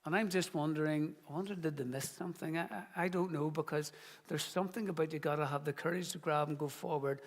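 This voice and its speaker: A man's voice: on the high side, fairly even intonation, fast talker, long reverb tail. A middle-aged man, the founding pastor of his church, preaching in an earnest, conversational way and telling stories. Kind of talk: sermon.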